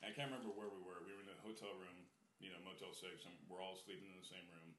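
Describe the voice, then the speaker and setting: A man co-hosting a podcast, relaxed and low-key, trading stories and agreeing easily. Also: quick pace. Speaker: podcast co-host. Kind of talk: casual chat. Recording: roomy echo, faint noise.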